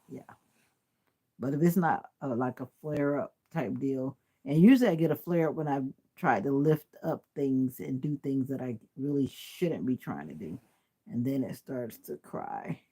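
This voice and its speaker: Gravelly, husky-voiced woman chatting on a livestream. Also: deep voice, mellow, rough recording. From Jamaica. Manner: chatty, laughs often, talks to viewers' comments. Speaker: livestream host. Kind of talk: casual live-stream chat.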